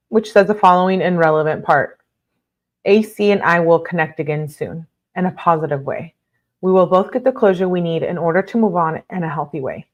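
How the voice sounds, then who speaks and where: A woman hosting a casual live stream, reading documents aloud and breaking off to react with blunt outrage and lots of fillers. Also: lowish voice. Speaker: livestream host reading court documents.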